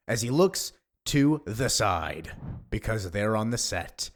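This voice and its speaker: A man's voice: on the low side, lively intonation, slow pace. A man casually narrating a comic book, adding chatty asides between the characters' lines. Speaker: comic reader, voice-over creator.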